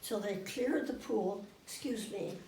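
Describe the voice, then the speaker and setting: An older woman getting over a cold, telling anecdotes to a small audience in a lively, animated way and acting out the voices. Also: mid-range voice, a little slow, a little hiss or hum. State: finishing a cold. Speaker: guest storyteller. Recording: roomy room, mic far off.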